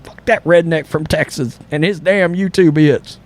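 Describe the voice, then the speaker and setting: A man's voice: fairly high pitch, lightly acted. A man putting on the voice of a cranky old male sportscaster who grumbles and curses at young upstarts. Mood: grumpy. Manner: grumbling, cursing, drawn-out.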